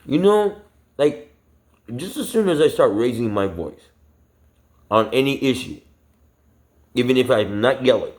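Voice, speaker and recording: A man's voice: mid-range voice, animated, a little slow, long pauses. A man vlogging an angry personal rant, profane and agitated, rambling with many fillers and restarts. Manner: profane, agitated, heavy swearing.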